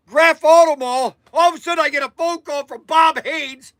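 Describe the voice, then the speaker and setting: A man's voice: very high-pitched, steady tone, moderate pace, few pauses, a bit bright, dry recording, clean studio sound. An older man hosting a show, telling a long personal story in a rambling, emphatic way that repeats itself, getting emotional at times. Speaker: podcast host. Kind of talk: casual storytelling.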